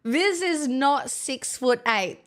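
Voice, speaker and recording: Young woman streamer with a high voice, excitable and gushing, baby-talks a dog. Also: slow pace. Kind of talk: casual livestream chat.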